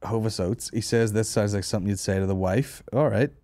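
A man hosting a comedy podcast, rambling and swearing through crude jokes. His voice sits a little low and sounds dry and close to the mic. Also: brisk, mellow, dry recording. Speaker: podcast host.

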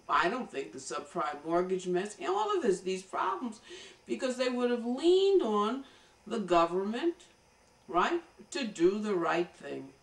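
An American woman giving an emphatic political commentary monologue, lecturing and addressing her viewers directly. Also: medium pitch. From United States. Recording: roomy echo, voice from a distance.

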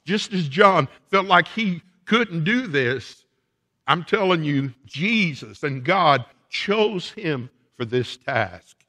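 A man's voice: fairly high pitch, lively intonation, takes it slowly, sharp tone, big-room sound. A male pastor preaching a sermon in a church sanctuary, laying out his points one by one with emphasis.

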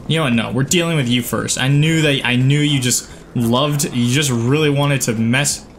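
A man giving gameplay commentary, excitable, yelping and swearing at the game. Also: medium pitch, normal speed, a little hiss or hum. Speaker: gaming channel host.

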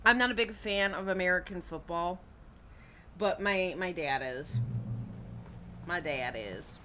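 A woman's voice: lowish voice, measured pace, sharp tone, slight background noise. A woman streaming a horror game live, reacting with jumpy, frightened exclamations and casual chat. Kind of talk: live gameplay commentary.

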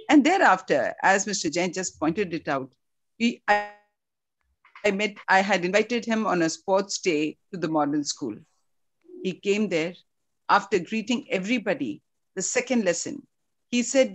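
A woman's voice: on the low side, expressive, normal speed. A woman with an Indian English accent, a former school principal, giving an earnest memorial tribute over a video call and slipping into Hindi phrases.

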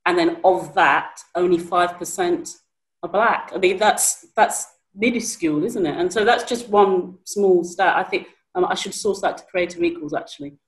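A woman moderating a panel discussion, speaking in a measured way with frequent fillers. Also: lowish voice, echoey room, poor audio.

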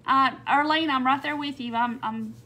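A woman's voice: high voice, normal speed. A woman hosting a craft livestream, chatting casually and greeting viewers by name with frequent "um"s. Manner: chatty, warm welcomes, frequent little laughs and "um"s.

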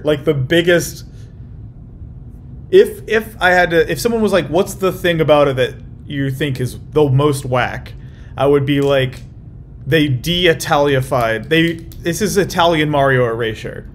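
A young man chats in a slightly high voice with a very lively, bouncing pitch. He rambles wryly and keeps restarting his sentences. He speaks from a hotel room, with a faint hiss behind him. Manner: rambling and wry, with lots of restarts. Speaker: YouTube reaction host. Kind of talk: casual chat.

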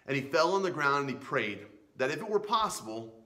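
A man's voice: on the high side, sing-song, a little fast, sharp tone. A man in his thirties preaching to a youth group, earnest and pleading, often restarting his words. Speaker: youth pastor. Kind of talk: sermon. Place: church in Florida.

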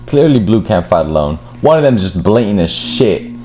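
A young man talks over his gameplay, cursing in frustrated bursts. His pitch swings wildly between muttering and shouting. Loud game music and keyboard clicks run underneath. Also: sing-song, moderate pace. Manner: swearing, frustrated outbursts. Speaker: gaming streamer. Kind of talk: gameplay commentary. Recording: game music playing behind. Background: game music, keyboard typing.

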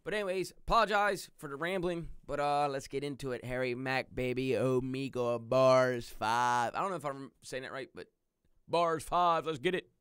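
A man hosting a reaction video, rambling and excitable, swearing often. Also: on the high side, brisk, clean tone, no echo, clean studio sound. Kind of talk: casual reaction commentary.

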